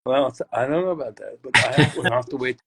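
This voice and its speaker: An older man, a guest poet, chatting casually about poetry in a rambling, halting way as he searches aloud. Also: mid-range voice, over a noisy crowd. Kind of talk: casual chat explaining poetry.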